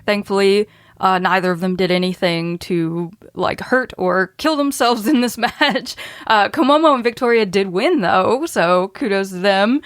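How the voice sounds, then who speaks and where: A woman's voice: mid-range voice, normal speed, dry recording, studio quality. A woman hosting a podcast, running through match results in a casual way and laughing often. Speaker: podcast host.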